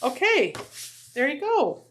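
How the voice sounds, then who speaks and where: A woman's voice: sits high, wildly swooping pitch, takes it slowly, noisy background. A woman hosting a live sewing stream from a home crafting room, chatting casually with viewers as she works. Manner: chatty, drops to soft asides, playful voices. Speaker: livestream host sewing bags.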